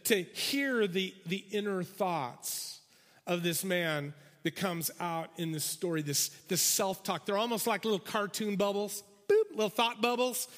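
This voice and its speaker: A man with a high, bright voice preaches slowly to his congregation, acting out the voices of the people in his story. His words ring through the long reverb of a large church sanctuary. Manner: animated storytelling, acts out characters' voices. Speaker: pastor. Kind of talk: sermon.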